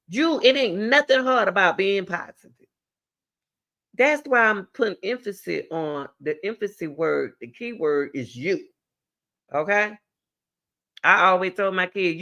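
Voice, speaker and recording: Gravelly, emphatic woman giving advice. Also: medium pitch, animated, a little slow, a bit bright. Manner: emphatic, blunt, repeats key words. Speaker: talk show host giving advice. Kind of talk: direct advice talk to a caller.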